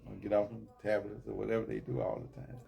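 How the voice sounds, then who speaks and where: A man's voice: lowish voice, big pitch swings, fast, vocal fry, husky, lo-fi sound. An older man, a grandfather talking easily in a casual chat and answering mostly with short agreeing replies. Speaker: guest.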